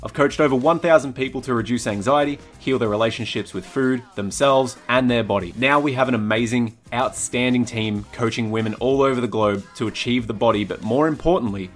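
A man's voice: a little fast, hardly any pauses. A man who owns a coaching business, reading a direct, earnest podcast intro. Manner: earnest, direct pitch to listeners. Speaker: podcast owner and head coach. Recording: faint music underneath.

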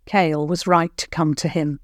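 A woman telling a children's bedtime story in a calm, soothing, unhurried way. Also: low voice, dry recording, clean studio sound.

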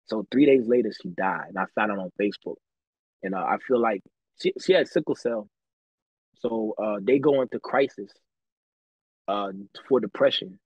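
A man tells stories from his life on a podcast in a loose, slangy, profane way, often laughing. His voice is husky and mid-pitched. The sound is dry and a little dull. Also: moderate pace, long pauses, dry recording. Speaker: podcast guest telling his story. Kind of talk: casual chat, storytelling.

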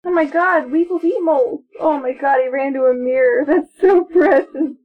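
A woman co-hosting a casual chat about a film she is watching, excitable and reading out her notes. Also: high-pitched, moderate pace. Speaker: podcast co-host. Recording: tinny phone-like sound.

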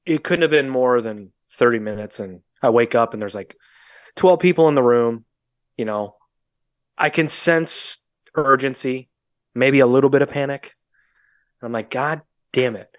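A young man with a Midwestern American accent tells a story on a podcast, blunt and sardonic and quick to swear. His voice sits mid-range. The remote call sound is dry, with no room echo. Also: medium pitch. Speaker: podcast co-host. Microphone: remote call mic.

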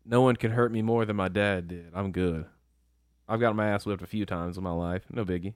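A man's voice: fairly low pitch, a little fast, no echo, studio quality. A young man chatting casually on a podcast, brash and profane, telling stories with quoted lines. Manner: brash, swearing, tells stories with acted quotes. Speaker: podcast co-host. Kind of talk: casual chat.

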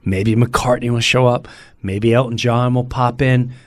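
Middle-aged man telling an animated story. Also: mid-range voice, a little slow, no echo. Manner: acts out other people's voices in quotes. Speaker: comedian guest.

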